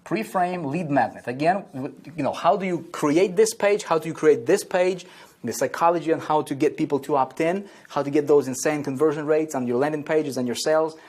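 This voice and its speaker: A man's voice: a little high, brisk, a little mellow. A man teaching online marketing at a whiteboard, repeating key phrases and checking in with "okay?" and "right?" after nearly every point.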